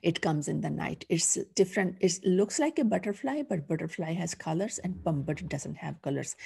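A woman's voice: on the low side, expressive, moderate pace, creaky, hardly any pauses, warm tone, slightly rough. A middle-aged woman teaching a language class, patiently sounding out each letter before saying the whole word. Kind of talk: slow, patient phonics lesson.

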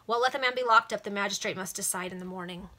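A woman's voice: medium pitch, fast talker, bright, forceful tone, natural voice. A woman voicing a pompous, overbearing male police inspector who gives curt commands. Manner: curt, commanding, self-important.

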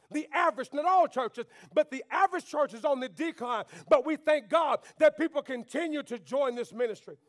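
A man preaching a sermon to his church. He calls on the congregation to talk back, rising to shouts and dropping to near whispers. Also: very high voice. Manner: preaching with call-and-response, swings between shouting and quiet. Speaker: pastor. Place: church sanctuary.

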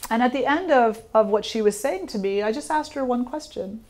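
Woman yoga teacher, informal talk, calm and reflective, often asks questions. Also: a little high, normal speed.

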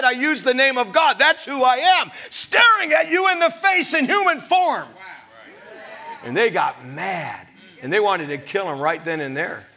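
Middle-aged preacher guy, high bright voice, jokes around and acts out the bible bits. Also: normal speed. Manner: animated preaching, acting out scripture voices with laughs. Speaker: pastor. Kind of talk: sermon.

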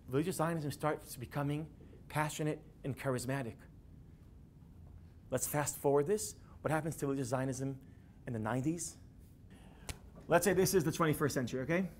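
A man giving a classroom lecture, animated and building to emphatic peaks. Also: a little high, a little hiss or hum.

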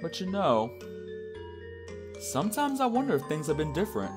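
A man's voice: a little high, wildly swooping pitch, moderate pace, music in the background. A man casually commenting on a game he is playing, chatty and self-mocking. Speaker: let's-play narrator.

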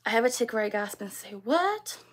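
A woman's voice: mid-range voice, fairly even intonation, racing. A young woman hosting a casual livestream, reading viewer comments and chatting with lots of ums and likes. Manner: chatty, many ums and likes, laughs often. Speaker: livestream host.

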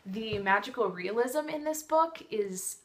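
A woman's voice: on the high side, expressive, unhurried. A woman talking in a casual vlog review, gushing and emotional as she chats about a book she loves.

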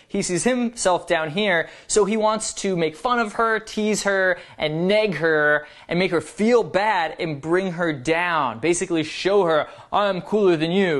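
A man as a dating coach giving scripted video advice in a confident, instructive way. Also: high voice. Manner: confident, instructive, emphatic counting-down delivery.

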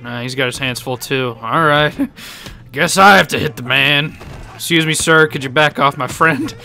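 A man's voice: fairly high pitch, moderate pace, creaky, pushed and bright. A young man giving joking let's-play commentary, laughing often and yelping playfully. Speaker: gaming YouTuber.

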